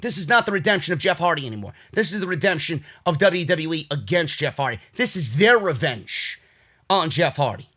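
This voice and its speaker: A man with a New York accent ranting furiously and profanely as he reviews a wrestling show, swinging between shouting and tired grumbling. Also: a little high, animated, fairly quick.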